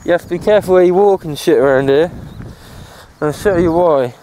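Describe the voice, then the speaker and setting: Male cycle-touring vlogger, slightly high voice, loose and profane, talking to a handheld camera outside with faint background noise. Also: fairly quick, dark tone, rough recording. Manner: rambling, swears freely. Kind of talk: casual chat while riding. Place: outdoors on a rural cycle path. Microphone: handheld camera while cycling one-handed.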